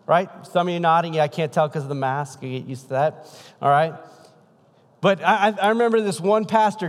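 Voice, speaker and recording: A man in his thirties preaching a sermon as pastor, in a casual, conversational way. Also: fairly high pitch. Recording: long hall reverb.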